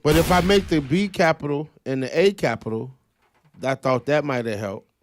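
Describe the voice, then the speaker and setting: A man's voice: a little high, normal speed, a little hiss or hum. A man co-hosting a podcast, talking in a wry, matter-of-fact way. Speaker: podcast co-host. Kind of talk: casual chat.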